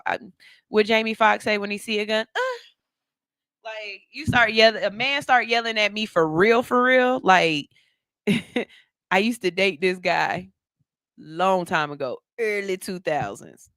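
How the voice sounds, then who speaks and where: A middle-aged woman hosts a radio show, chatting loosely, laughing and using slang as she reads listener comments. Her fairly low voice is clear, resonant and a bit bright, recorded cleanly in the studio with no echo.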